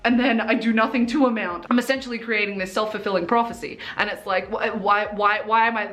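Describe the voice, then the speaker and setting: A woman's voice: medium pitch, fairly even intonation, brisk, fairly bright tone. Young woman vlogger rambling thru her makeup routine, chaotic and earnest, loads of likes and restarts. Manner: earnest and self-reflective. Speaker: beauty vlogger. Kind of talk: casual confessional chat while doing makeup.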